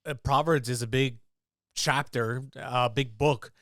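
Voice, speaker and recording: A man co-hosting a podcast in casual chat, easygoing and relaxed, with plenty of fillers. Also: medium pitch, unhurried, no echo, clean studio sound. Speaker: podcast co-host. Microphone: studio podcast mic.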